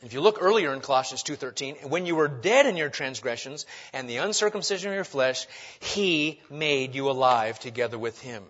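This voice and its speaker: Pastor guy preaching, highish voice, loud then quiet, muffled lo-fi sound. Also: normal speed. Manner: emphatic preaching with rhetorical questions and big swings in loudness. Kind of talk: sermon.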